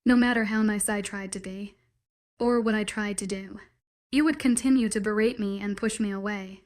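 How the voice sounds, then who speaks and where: A woman's voice: medium pitch, steady tone, normal speed, darkish tone, lightly acted. A woman reading the lines of a possessive young male werewolf, pleading with intense declarations. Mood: earnest pleading.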